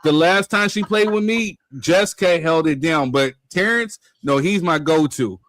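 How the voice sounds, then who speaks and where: A man's voice: a little high, moderate pace, no echo. A man hosting a casual live-stream chat, telling laughing stories and quoting others. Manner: laughing, animated storytelling with quoted voices. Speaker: host.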